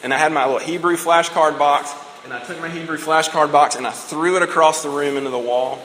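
A man's voice: fairly high pitch, steady tone, fairly quick, a bit bright, slight background noise. A man in his thirties giving a conversational, emotional sermon as a pastor. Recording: reverberant hall with faint ambience.

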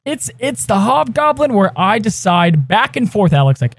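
This is a man co-hosting a casual podcast, bringing animated energy as he sets up each segment. His voice sits high for a man. The sound is dry and close to the mic, with no room around it. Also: normal speed, husky, dry recording. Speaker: podcast co-host.

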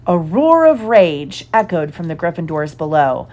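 A woman giving a lively, expressive storybook narration. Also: on the low side, a little slow. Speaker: audiobook reader.

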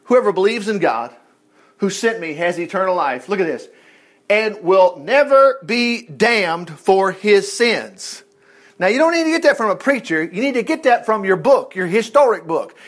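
A high-pitched male preacher teaching through scripture in a lively, conversational way. He rambles into chatty asides while hunting for verses, then bursts out with praise. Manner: exclaims "praise the Lord". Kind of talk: Bible teaching sermon.

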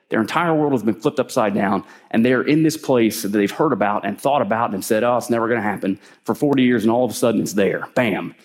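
A middle-aged man preaching a sermon in a storytelling way, often clearing his throat and lifting his voice when he acts out what people said. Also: mid-range voice, darkish tone.

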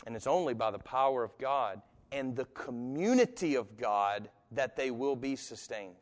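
A man's voice: medium pitch, animated, moderate pace. Man preaching in a reverberant hall. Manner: conversational, with sudden emphatic rises and chuckles. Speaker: pastor. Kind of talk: live sermon.

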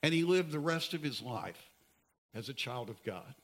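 A man preaching a sermon as pastor, earnest and pleading, at times dropping to soft emphasis. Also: mid-range voice, lively intonation, moderate pace, a little hiss or hum.

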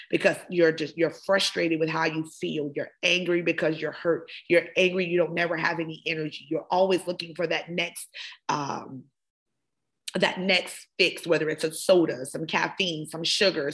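A woman hosting a wellness podcast, giving an impassioned motivational talk full of repeated phrases. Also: on the low side. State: emotional. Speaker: podcast host, wellness coach. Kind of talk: motivational monologue.

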